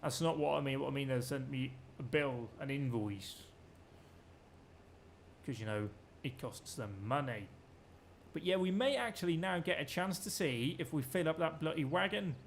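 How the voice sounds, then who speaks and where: Gravelly-voiced man streaming a game. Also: on the high side. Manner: rambling, jokey, swears freely. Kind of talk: casual let's-play commentary.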